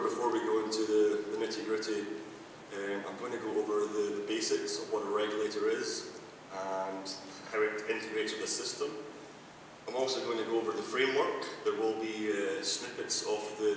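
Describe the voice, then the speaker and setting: Scottish man, has a cold, methodical conference lecture, distant from the mic, steady low rumble. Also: normal speed. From Scotland. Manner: methodical, explaining step by step. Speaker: conference speaker. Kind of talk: technical conference presentation. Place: large lecture hall. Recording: echoey hall from far off, rumble.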